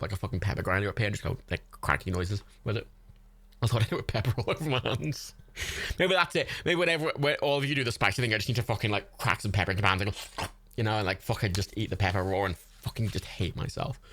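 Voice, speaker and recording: A man's voice: fairly low pitch, a bit bright. A man from Ireland hosting a livestream watch party, chatting casually, swearing a lot and laughing often. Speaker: livestream host. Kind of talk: casual chat during a movie watch party.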